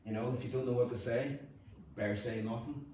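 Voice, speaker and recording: Brief: Northern Irish male pastor, chatty humorous sermon, mid pitch, distant mic in a reverberant church. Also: fairly even intonation, brisk, mellow, slight background noise. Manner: humorous, conversational preaching. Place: church hall. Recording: echoey hall from far off.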